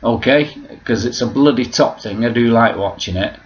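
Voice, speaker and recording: A man's voice: medium pitch, moderate pace. A man talking to camera in a casual, rambling vlog, swearing freely as he goes. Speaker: vlogger. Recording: dull lo-fi recording.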